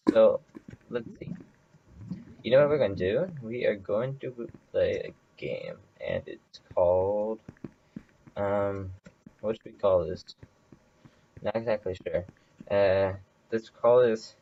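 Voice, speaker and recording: A man's voice: fairly low pitch, gravelly, background noise. A young man casually commenting on his own gameplay, thinking aloud and rambling with lots of fillers. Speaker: gameplay video host.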